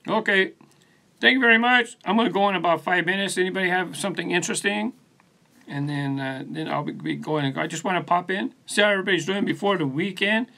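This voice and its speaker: A man's voice: sits high, fast talker, creaky, sharp tone. A man hosting his own channel, chatting casually on a live stream from his studio and answering viewers by name in a laid-back, rambling way, recorded on a phone set on a post. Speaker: channel host. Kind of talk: casual live stream chat reading comments.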